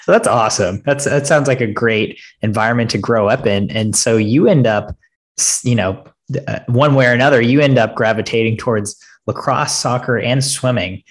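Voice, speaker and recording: A man hosting a podcast interview, mid-pitched and easygoing. He laughs often and sets up his questions with context for listeners. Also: normal speed. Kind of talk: casual interview.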